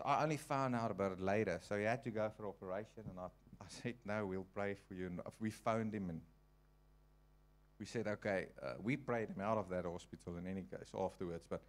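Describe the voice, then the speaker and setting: Man, lowish voice, informal church sermon, chatty, halting delivery. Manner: conversational, halting, with frequent restarts. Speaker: preacher. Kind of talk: informal sermon with personal story. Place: church hall.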